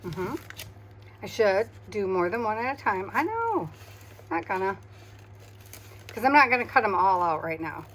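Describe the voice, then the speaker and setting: Quiet woman murmuring over her crafts. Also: mid-range voice, animated, moderate pace, pauses often, a little hiss or hum. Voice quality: hums and murmurs to herself while working. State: quiet, tired after migraine. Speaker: craft video host. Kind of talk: casual crafting chatter.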